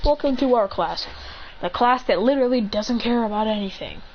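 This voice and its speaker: A woman's voice: a little high, animated, fairly quick, close to an everyday voice. A woman voicing a cocky, sarcastic teenage boy student who mocks everyone bluntly, on a dull, hissy lo-fi recording. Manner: blunt, mocking, dismissive.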